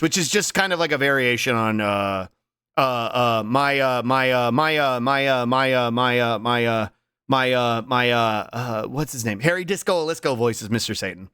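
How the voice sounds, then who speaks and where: A man streaming live and chatting casually with his viewers, animated and laughing loudly, now and then slipping into quick character voices. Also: mid-range voice, clean tone, no room sound, clean studio sound.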